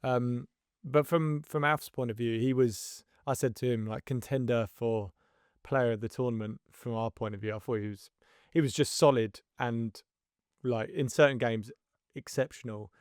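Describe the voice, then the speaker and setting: A man co-hosting a podcast, calmly recounting a kids' football tournament in a reflective, easygoing way. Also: mid-range voice, normal speed, smooth, dry recording, studio quality. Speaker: podcast co-host and youth football coach. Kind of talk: casual podcast chat.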